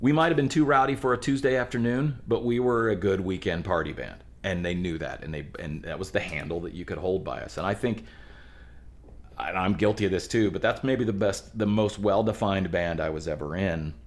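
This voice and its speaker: Deep-voiced man, animated band storyteller. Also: brisk. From Pittsburgh area, USA. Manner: animated storytelling, rambling restarts. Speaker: podcast guest, musician. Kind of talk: casual chat.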